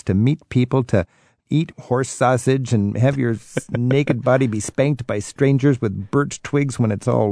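A man's voice: medium pitch, a little mellow, no echo, studio quality. A male host interviewing a guest, asking curious questions and laughing along. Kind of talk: radio interview.

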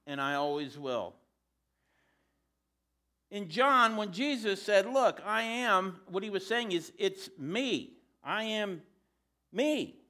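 A man's voice: sits high, pushed and bright. A man preaching a sermon in a conversational way, with joking asides.

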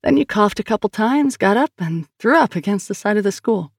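A woman's voice: medium pitch, animated, brisk, creaky, dry recording, studio quality, pitched above the performer's own voice. A woman doing an earnest young sister pleading. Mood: urgent. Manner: urgent and reassuring.

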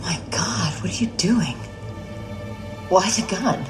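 A woman's voice: on the low side, expressive, takes it slowly, music in the background. An actress playing a cornered woman who denies her guilt in a flustered, defensive way in a film drama.

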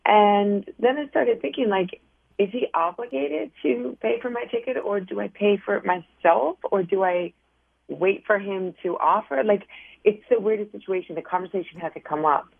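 A woman's voice: mid-range voice, normal speed, creaky, slightly rough, dry recording. A young woman calling in to a radio advice show, nervous and embarrassed, with fillers like "um" and "like". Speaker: caller. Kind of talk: phone-in question. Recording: phone line.

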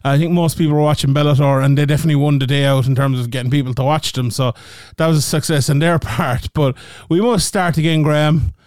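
Reading ads between bits of casual talk, this podcast host jokes, rambles and keeps correcting himself. He speaks quickly in a slightly high, darkish voice with fairly even intonation. The recording is dry and studio quality.

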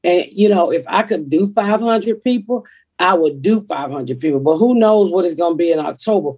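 Husky, blunt woman host. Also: on the low side, expressive, normal speed, a little mellow. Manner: blunt, profane, rambling. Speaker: comedian podcast host. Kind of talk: casual podcast chat.

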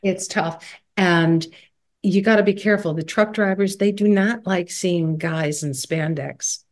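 A candid, animated woman guest on a podcast, talking with plenty of laughter in between. Her voice sits on the lower side for a woman. She sounds middle-aged. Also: a little slow. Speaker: guest singer. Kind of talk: podcast interview.

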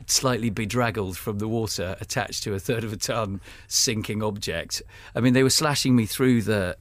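A man's voice: on the low side, dry recording. A British man, a guest author, telling a self-mocking, humorous story in a rambling, casual way.

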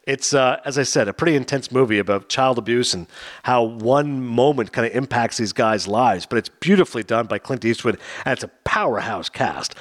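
A man hosting a podcast, chatting casually and telling stories with voiced quotes. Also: medium pitch. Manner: animated, quick storytelling with voiced quotes. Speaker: podcast host. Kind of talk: casual chat.

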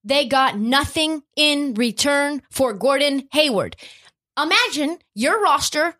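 A woman's voice: sits high, animated, slow pace, pushed and bright. A woman hosting a sports podcast, ranting with profanity and rhetorical questions. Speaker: podcast host. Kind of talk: opinionated sports talk.

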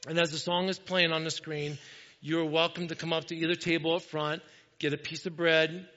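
A man preaching a sermon in a church, earnest and repetitive, moving between loud urging and quiet, hushed moments. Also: fairly high pitch, level tone, moderate pace. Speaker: pastor. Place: church sanctuary. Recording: dull echoey church hall.

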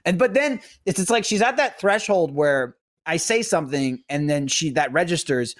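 A man's voice: animated, moderate pace. A man in his thirties co-hosting a podcast, rambling through stories in casual chat. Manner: rambling, jumps between pitches when quoting. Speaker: podcast co-host.

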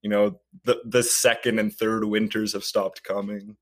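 A man in a casual podcast chat, relaxed and a little hesitant. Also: fairly low pitch, moderate pace.

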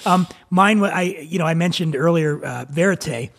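A man's voice: fairly high pitch, moderate pace, vocal fry, fairly bright tone. A man hosting a casual conversation, chatty and joking with his guest. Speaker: host.

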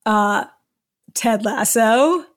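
A woman's voice: a little high, drawn-out words. A woman guest in an interview, talking enthusiastically and a little rambling, often laughing between thoughts. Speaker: podcast guest. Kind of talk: conversational interview.

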